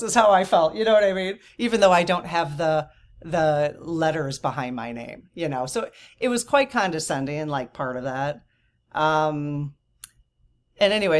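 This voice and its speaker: Host, woman, 50s, low voice, casual storytelling, exasperated asides. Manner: animated, exasperated, frequent asides and quoted dialogue. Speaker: channel host.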